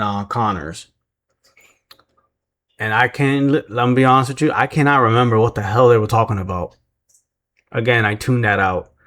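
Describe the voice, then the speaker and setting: A man casually recapping a wrestling show, rambling and poking fun at himself, sometimes mimicking the people he describes. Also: medium pitch. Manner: rambling, self-deprecating, mimics voices when retelling.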